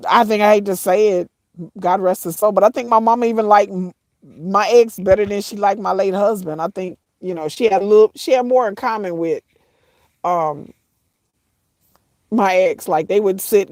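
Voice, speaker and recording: A woman's voice: mid-range voice, a little mellow, no room sound. Tearful woman telling a painful story. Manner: halting, repeats herself, addresses viewers as y'all. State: tearful, voice breaking at times. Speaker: vlogger. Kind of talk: emotional personal storytelling to viewers.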